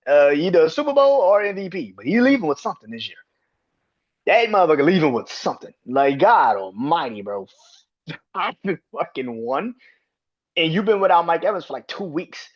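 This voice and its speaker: A man hosting a casual sports podcast, swearing freely and laughing between rapid opinions. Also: high-pitched. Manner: profane, animated, laughs often. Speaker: podcast host. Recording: dull lo-fi sound.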